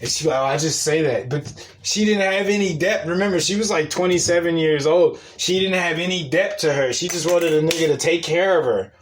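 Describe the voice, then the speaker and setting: A young man with a slightly high voice talks in a casual, rambling monologue. He swears freely and breaks into laughter often. A faint hiss sits under the recording. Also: brisk. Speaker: podcast host.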